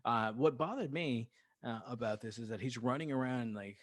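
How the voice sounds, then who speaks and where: This podcast co-host speaks at medium pitch and a moderate pace while casually recapping a movie. He rambles with lots of fillers, laughs, and performs quoted lines, with no room sound in the recording.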